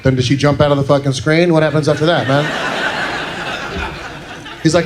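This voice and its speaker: A man's voice: fairly high pitch, steady tone, moderate pace, long pauses. A man doing a stand-up set in a comedy club, telling a crude story in an incredulous tone.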